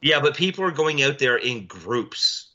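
Male podcast co-host, profane and blunt, forceful edge, muffled lo-fi sound. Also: very animated, measured pace. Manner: blunt, profane storytelling, mimics people in loud high voices. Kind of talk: casual chat. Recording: dull lo-fi audio.

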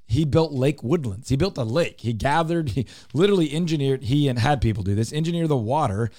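A man's voice: mid-range voice, expressive, a little fast, warm tone, no echo. A man hosting a talk radio show, explaining his points emphatically and repeating them for clarity. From Texas. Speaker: radio show host, real estate broker.

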